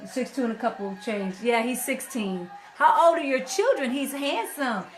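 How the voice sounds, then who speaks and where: A woman's voice: high voice, expressive, moderate pace, slight background noise. A woman in her fifties hosting a casual livestream, chatting straight to her viewers as a relationship speaker.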